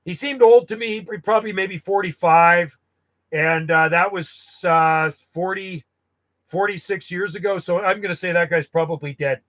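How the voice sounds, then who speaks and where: A man's voice: high voice, moderate pace, fairly bright tone. A man in his fifties from Canada, telling rambling stories from his years as a radio hobbyist and often correcting himself. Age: 50s. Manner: rambling, self-correcting, nostalgic. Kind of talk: casual storytelling.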